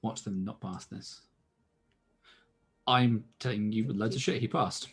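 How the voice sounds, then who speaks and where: Husky low-voiced man running a game. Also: measured pace, faint music behind. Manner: dry, teasing banter. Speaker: dungeon master. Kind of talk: narrating a tabletop game.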